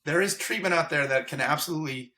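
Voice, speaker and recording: A man's voice: on the high side, quick pace, pushed and bright. A man, a fire captain, telling his story as a guest in a candid podcast interview, earnest and impassioned.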